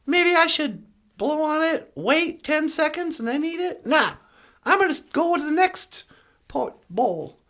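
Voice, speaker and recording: A woman's voice: sits high, very animated, unhurried, a bit bright, full character voice. A woman voicing a nosy little blonde girl in a storytelling bit, with a Southern US accent and a fussy, complaining manner.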